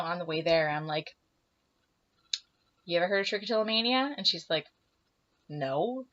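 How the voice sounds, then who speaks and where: A young woman vlogger telling a personal story, animated, acting out both sides of the dialogue and sometimes dropping to a whisper, a little emotional. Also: on the low side. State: emotional, teary. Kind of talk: casual storytelling to camera. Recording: slightly dull lo-fi sound.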